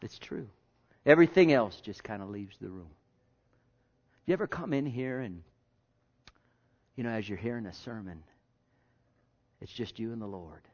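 A male pastor preaching a sermon in a conversational way, repeating himself and jumping from hushed asides to loud bursts. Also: on the low side, animated, normal speed, long pauses. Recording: dull lo-fi sermon recording.

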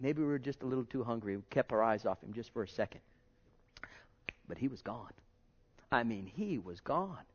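Male pastor, high voice, sermon delivery, loud-to-hushed swings, muffled recording. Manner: swings between loud exhortation and hushed tones.

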